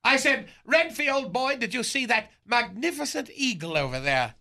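A man's voice: extremely high pitch, expressive, moderate pace, creaky, sharp tone, exaggerated voice. A man playing a pompous aging male movie star in a radio comedy sketch, with grandiose, theatrical, old-fashioned diction. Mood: storytelling.

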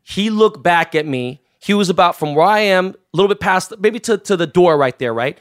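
A man's voice: sits high, animated, a little fast. A man from Los Angeles telling wild, profanity-laced anecdotes in casual chat, acting out the people he quotes. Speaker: guest.

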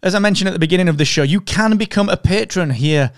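A man's voice: sits high, fast talker, clean tone, dry recording, studio quality. A man co-hosting a podcast in casual chat, enthusiastic and friendly, calling his co-host mate and dude.

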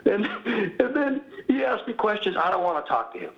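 Gravelly older man, animated and self-mocking. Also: high-pitched, moderate pace, lo-fi sound. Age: 60s. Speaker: former pastor, guest. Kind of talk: candid interview talk.

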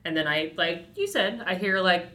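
A woman's voice: lowish voice, normal speed, pushed and bright, slight background noise. A woman co-hosting a radio show, opinionated and laughing in casual chat.

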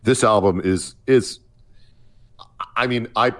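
A man co-hosting a casual music podcast thinks aloud hesitantly, with frequent restarts and fillers. His voice is lowish and his pace slow.

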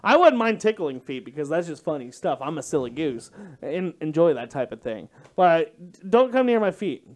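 High-voiced man in crude podcast banter. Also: sing-song, normal speed, a little mellow. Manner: crude, joking. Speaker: podcast co-host. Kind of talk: casual comedic banter.

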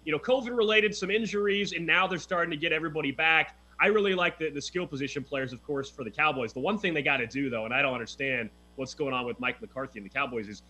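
A man's voice: fairly high pitch, fast, few pauses, bright, forceful tone, poor audio. A man hosting a sports betting show, talking football in a loose, chatty way with frequent restarts. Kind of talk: casual sports talk.

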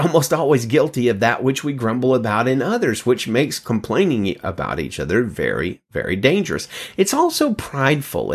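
A man's voice: lowish voice, husky. A man hosting a devotional, reading Bible passages aloud and commenting on them in a conversational tone with joking, self-deprecating asides.

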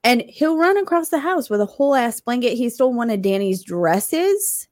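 A woman in casual podcast chat with a fairly high voice, talking in a loose, storytelling flow that is full of laughter and easy swearing. Her voice is recorded close and dry, with no room around it. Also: very animated, normal speed, a little mellow, no echo.

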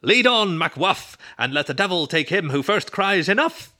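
A man's voice: high-pitched, very animated, moderate pace, sharp tone, pitched above the performer's own voice, full character voice. A man voicing an exuberant, theatrical young male animal roommate in a storybook reading, with playful, showy exclamations. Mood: jovial. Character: exuberant high-voiced male furry roommate.

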